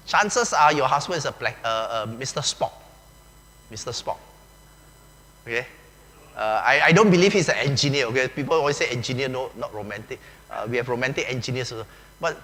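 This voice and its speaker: A man's voice: mid-range voice, sharp tone. A man with a Malaysian English accent preaching a chatty, joking sermon as a pastor, often saying "okay" and "lah". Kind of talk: conversational sermon. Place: large church hall. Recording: echoey hall with faint hum.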